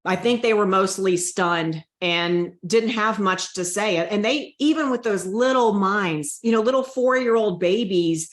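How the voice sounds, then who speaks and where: A woman's voice: mid-range voice, a little slow, few pauses, reverberant. A woman guest on an interview show telling a personal story in an earnest, emotional way, often repeating her own prayers aloud. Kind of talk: heartfelt testimony interview.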